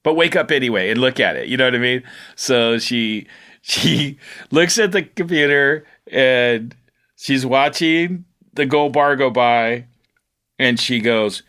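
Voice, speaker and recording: A middle-aged man, a fisherman, telling his own story in a casual, animated interview, laughing and leaning on "you know.". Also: medium pitch, unhurried.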